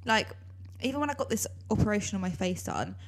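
A young woman co-hosting a podcast, chatty and quick to laugh in casual conversation with her best friend. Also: mid-range voice, animated. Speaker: podcast co-host. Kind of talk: casual chat.

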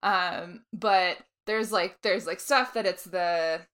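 A woman co-hosting a podcast in casual chat, talking with quick asides and frequent laughter. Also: lowish voice, fairly bright tone. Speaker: podcast co-host.

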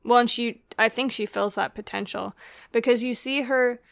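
Woman chatting about a movie, kinda gravelly but smooth, dry sound. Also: fairly high pitch, fairly even intonation, normal speed, fairly bright tone, no echo. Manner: chatty, with fillers and trailing sentences. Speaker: podcast co-host discussing a film. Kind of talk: casual chat.

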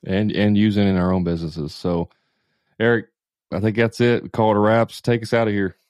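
A man's voice: fairly low pitch, steady tone, normal speed, a little mellow, no echo, studio quality. A man co-hosting a podcast, giving direct sales advice to listeners in a casual tone. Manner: coaching, direct, talks to listeners. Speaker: podcast co-host, sales coach.

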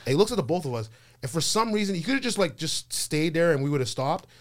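A man's voice: fairly high pitch, sing-song, quick pace. A man chatting as a podcast guest, telling stories in a rambling way. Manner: rambling, full of fillers and restarts. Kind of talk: casual chat, storytelling.

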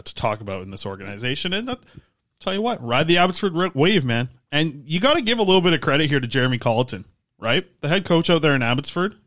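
Tired guy rambling about hockey on a podcast, mid pitched voice. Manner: rambling, animated hockey talk. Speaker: podcast co-host. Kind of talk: casual sports podcast chat.

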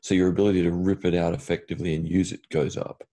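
A man's voice: low-pitched, flat delivery, fast talker, warm tone. A man hosting an interview, chatting casually and cutting in with jokes. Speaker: interviewer host.

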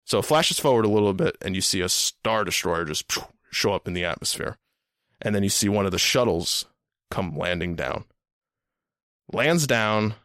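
A man's voice: lowish voice, lively intonation, normal speed, fairly bright tone, no room sound, clean studio sound. A man hosting a podcast, telling a story in a rambling, casual way, repeating words and swearing now and then. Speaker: podcast host.

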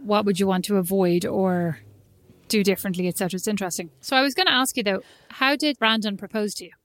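A woman's voice: medium pitch, quick pace, fairly bright tone. A young woman chatting casually as a podcast co-host, with playful teasing banter. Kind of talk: casual chat.

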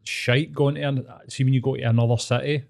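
A man's voice: medium pitch, fairly even intonation, brisk, gravelly. A Scottish man in his thirties co-hosting a podcast, chatting in an easygoing, sweary way. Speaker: podcast co-host. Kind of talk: casual chat.

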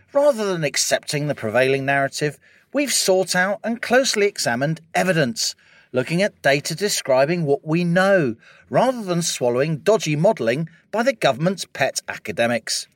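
A man's voice: high voice, expressive, normal speed, no echo, studio quality. Wry British man opening a podcast. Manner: wry, rhetorical. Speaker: podcast co-host. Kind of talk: scripted podcast opening, then chat.

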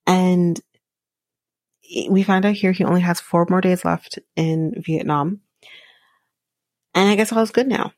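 A woman's voice: fairly low pitch, expressive, unhurried, long pauses, a little mellow, no room sound. A woman hosting a reality show recap podcast, giving blunt, profane opinions in casual commentary. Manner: blunt, profane, talks through fillers.

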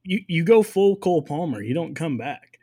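Man, podcast co-host, casual chat, jokey and rambling, slightly high voice. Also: expressive, normal speed, crowd noise. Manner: jokey, rambling, laughs often.

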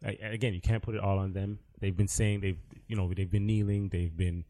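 Male panelist, low warm voice, dry close recording, thoughtful. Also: flat delivery, no echo. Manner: deliberate, searching for words. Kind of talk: casual sports talk.

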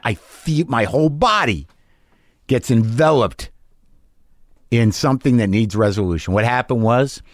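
A man's voice: mid-range voice, no echo, studio quality. A middle-aged man, a stand-up comic hosting his podcast, telling a story candidly and with lots of swearing, acting out both sides of an argument. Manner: confessional, profane, acts out both sides of an argument. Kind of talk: candid monologue.

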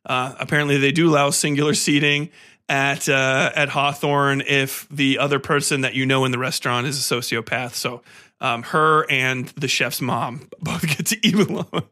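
A man's voice: mid-range voice, fairly even intonation, moderate pace, pushed and bright. A man hosting a podcast, retelling a film's plot in a casual, rambling review with many fillers and restarts. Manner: rambling, filler-heavy storytelling. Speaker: podcast host. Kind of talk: casual film review monologue.

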